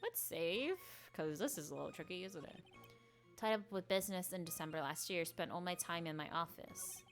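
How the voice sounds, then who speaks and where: A woman's voice: on the low side, lively intonation, moderate pace, faint music behind. A woman streamer reading a game aloud, dropping wry, amused asides.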